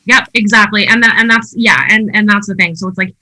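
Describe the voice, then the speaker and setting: A woman's voice: medium pitch, steady tone, fairly quick, bright, forceful tone, low-quality recording. A woman telling her personal story as a podcast guest, emphatic and candid, with frequent "like" fillers. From Canada.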